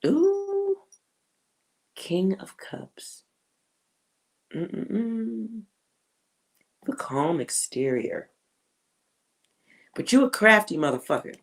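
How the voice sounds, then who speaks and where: A woman giving a live tarot reading to a viewer, blunt and slangy, often laughing, swinging between loud outbursts and hushed asides. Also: deep voice, poor audio. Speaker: tarot reader.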